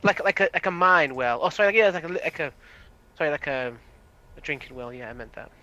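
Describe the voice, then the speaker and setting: Hesitant, rambling game player, a man with a bright voice. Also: fairly high pitch, fast, dull audio. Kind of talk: casual in-game description.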